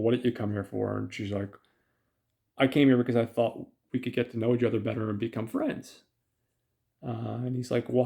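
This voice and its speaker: A podcast host with a warm, gravelly, medium-pitched voice casually recaps a film's plot, using lots of fillers and quoting lines from it.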